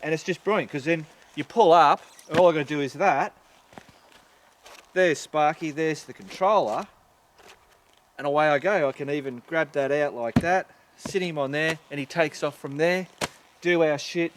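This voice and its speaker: A man's voice: a little high, moderate pace. A middle-aged man with an Australian accent, a motorcycle vlogger telling a rambling story outdoors, swearing freely and padding his talk with fillers. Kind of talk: casual storytelling to camera. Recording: loud outdoor wind and traffic noise.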